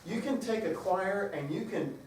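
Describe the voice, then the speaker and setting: Speaking at normal speed in an expressive voice that sits high, a choral workshop clinician keeps things upbeat and jokey as he coaches singers. The large hall with its piano is very reverberant, and the distant recording picks up slight background noise.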